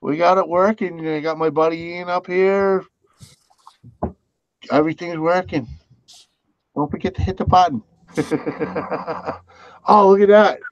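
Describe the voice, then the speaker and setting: A man's voice: sits high, steady tone, a little slow, pauses often, dry recording. Easygoing man laughing on a dull dry mic. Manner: laughing, self-deprecating, easygoing. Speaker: livestream host. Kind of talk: casual livestream chat.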